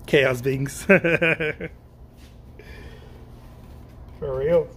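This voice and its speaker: A middle-aged man from Mexico teaching painting in a casual, excitable, slangy way, laughing often and repeating himself. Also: fairly high pitch, very slow, a little hiss or hum. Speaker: painting instructor. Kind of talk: casual chat while painting.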